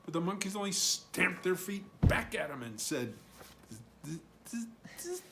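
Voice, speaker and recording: A man reading a picture book aloud in an expressive storytelling voice. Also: high-pitched, normal speed, slight background noise.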